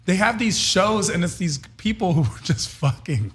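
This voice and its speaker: A man with a high-pitched voice co-hosts a casual studio talk show. He tells his stories in an animated, slangy way, throwing in "bro" and "yo.". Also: normal speed, slightly rough. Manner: animated storyteller, says "bro" and "yo". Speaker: co-host. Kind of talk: casual podcast chat.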